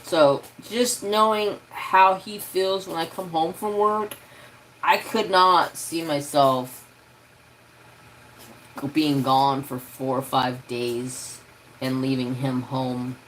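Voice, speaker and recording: Slow, rambling man chatting on a stream. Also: a little high, steady tone, fairly bright tone, slight background noise, poor audio. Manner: rambling, easygoing, with many fillers. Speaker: craft live-stream host. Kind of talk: casual live-stream chat.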